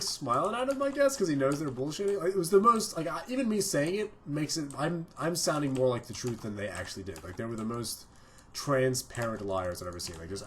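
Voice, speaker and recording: A young gaming video host rambles through casual commentary over his own gameplay, swearing a lot. His voice is mid-range and fairly bright, with a little hiss or hum in the recording.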